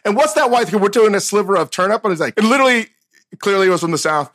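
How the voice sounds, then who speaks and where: A middle-aged man with a high-pitched voice hosts a loose podcast conversation. He tells stories in an animated way, jumps into loud acted-out quotes, and keeps laughing along. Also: fast. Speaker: podcast host. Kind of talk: casual chat.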